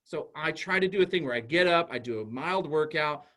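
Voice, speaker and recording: A man speaking to parents in a relaxed, chatty way, his voice sitting a little high and swinging widely in pitch. He keeps slipping into quick acted exchanges to make his points. The tone is that of a school psychologist explaining things plainly. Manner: animated, conversational, acts out little dialogues. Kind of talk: informal talk to parents.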